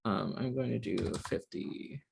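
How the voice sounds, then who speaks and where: A man's voice: lowish voice, a little slow, gravelly, darkish tone, slight background noise. Man teaching a hesitant online class. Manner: hesitant, lots of ums and restarts. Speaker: instructor.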